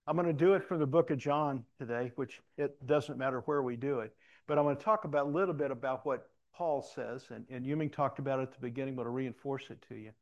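A pastor with a medium-pitched voice talks fast while preaching a sermon in a church sanctuary, keeping it folksy and conversational and sharing personal stories. The recording sounds muffled.

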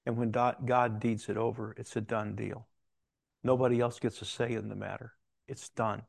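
A man's voice: lowish voice, little pitch movement, moderate pace, gravelly, dry recording. A man telling a personal story in a conversational, rambling way, with restarts and quoted dialogue. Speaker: Christian speaker telling a story.

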